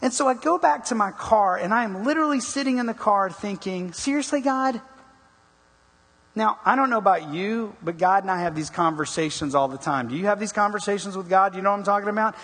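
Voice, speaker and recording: A middle-aged male pastor preaching to his congregation with a slightly husky, somewhat high voice. He tells stories with lively rhetorical questions. His voice rings through a large hall with long reverb. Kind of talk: sermon.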